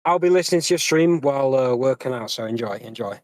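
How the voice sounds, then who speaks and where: A young man from Britain chatting casually, rambling and repeating himself with lively swings in pitch. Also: fast talker. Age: young adult. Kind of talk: casual chat.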